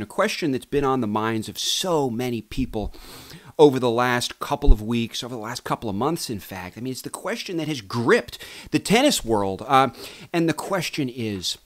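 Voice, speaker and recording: A man hosting his own tennis video show, talking straight to viewers in a playful, theatrical way. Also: mid-range voice. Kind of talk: casual tennis commentary vlog.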